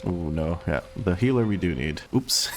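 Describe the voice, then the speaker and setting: A man with a deep, low voice talks casually through a game, relaxed and often chuckling at his own jokes. Faint noise sits under the recording. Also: moderate pace. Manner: laid-back, chuckling often, self-mocking. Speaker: streamer playing as tank. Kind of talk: casual gameplay chat.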